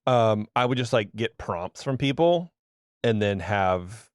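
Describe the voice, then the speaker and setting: A man's voice: on the low side, animated, measured pace, smooth, dry recording, clean studio sound. A man co-hosting a casual podcast, cracking jokes and jumping in with teasing asides. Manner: joking, teasing, interrupts with asides. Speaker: podcast co-host.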